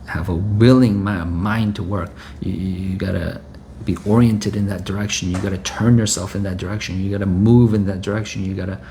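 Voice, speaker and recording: A male preacher speaks in a low, gravelly voice. He delivers an exhorting sermon, hammers phrases through repetition and checks in with a "right?" at the end of many lines. A faint background hiss runs under the recording. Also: a little mellow.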